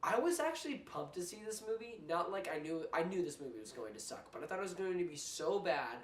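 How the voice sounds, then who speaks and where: A man's voice: sits high, fast. Young man ranting about bad films. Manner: blunt, animated ranting with restarts. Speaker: movie reviewer host. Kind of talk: casual film review chat. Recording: roomy, distant mic, faint noise.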